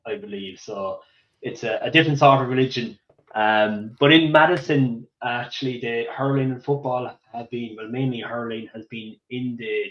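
Cork-accented man, echoey dull line. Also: mid-range voice. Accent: Irish, Cork. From Ireland. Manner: chatty, hesitant with many fillers. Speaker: radio guest. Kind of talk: casual radio interview.

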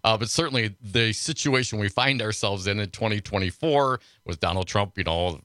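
A man's voice: lowish voice, bright, forceful tone, no echo, clean studio sound. A man co-hosting a political talk radio show, talking in long wry rambling stretches. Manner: rambling, wry, quick to laugh. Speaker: radio co-host. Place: radio studio.

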